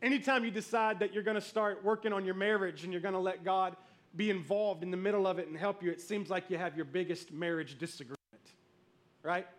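Pastor guy in his 30s preaching, kinda high voice, animated stories, asks for amens. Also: brisk. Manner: storytelling, animated, calls out to the congregation. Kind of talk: sermon.

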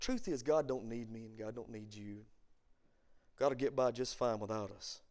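A man, a pastor teaching a Bible study, who swings from shouted emphasis to quiet storytelling. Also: mid-range voice, moderate pace. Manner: preacher who shouts for emphasis, then tells stories softly.

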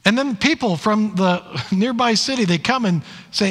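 A man preaching a sermon, telling stories in an animated way and acting out the quoted lines. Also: sits high, normal speed, few pauses, slightly rough. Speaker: pastor. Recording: long hall reverb.

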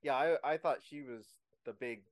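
A man's voice: mid-range voice, moderate pace. A man co-hosting a podcast over a remote call, speaking hesitantly with many restarts and dry asides. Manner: hesitant, lots of ums and restarts, wry. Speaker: podcast co-host. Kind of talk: casual chat.

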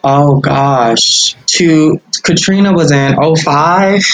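Slow, halting guest man. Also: fairly high pitch, a bit bright, poor audio. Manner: halting, searching for words. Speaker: podcast guest. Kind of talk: casual conversation.

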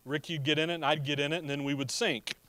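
A man's voice: a little high, steady tone, fast talker, pushed and bright, dry recording. A man preaching a sermon in a conversational way, asking rhetorical questions and telling personal stories with a chuckle. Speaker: pastor.

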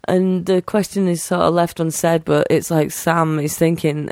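Gravelly podcast co-host retelling a plot. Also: mid-range voice, steady tone, normal speed, darkish tone, dry recording, studio quality. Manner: recaps the plot, acting out quoted lines. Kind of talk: casual discussion.

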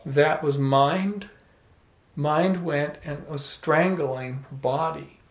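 A man telling a personal story to a small audience, animated, often laughing and restarting his words. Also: fairly high pitch, extremely slow. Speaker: salon speaker. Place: room with a small live audience. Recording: echoey room.

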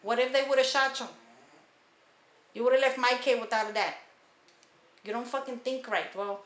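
A woman's voice: fairly high pitch, moderate pace. A woman co-hosting a podcast, telling a family story in casual chat, swearing freely and acting out the people she quotes. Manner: profane, animated, acts out quoted people. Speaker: podcast co-host. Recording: echoey room.

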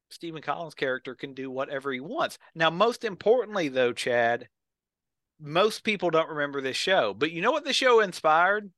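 A man's voice: a little high, a bit bright, no echo. A man on a podcast, telling a story with enthusiasm and acting out the quotes. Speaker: podcast co-host. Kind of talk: casual chat.

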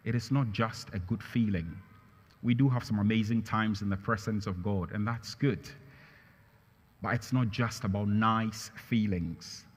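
A man's voice: unhurried, slightly rough. A man preaching a sermon as pastor, emphatic and repeating phrases, his voice climbing on key lines. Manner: emphatic, rises in pitch and volume on key phrases. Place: large church hall. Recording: church hall reverb.

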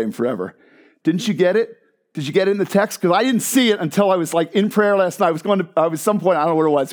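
A male pastor delivers a sermon with a slightly higher voice. He shifts from loud, emphatic proclamation to quiet, hushed passages and talks to his listeners in an excited, conversational way. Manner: excited, conversational preaching with asides to the congregation.

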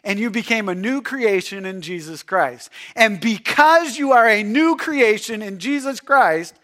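A pastor preaching a sermon, swinging between loud emphatic lines and hushed near-whispers. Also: male voice, high voice, expressive, measured pace.

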